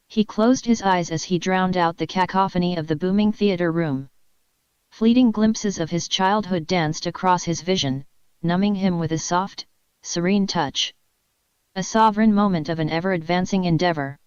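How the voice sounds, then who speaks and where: Woman narrating a crude comedic story, very clear. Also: lowish voice, dry recording. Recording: dull lo-fi dry recording.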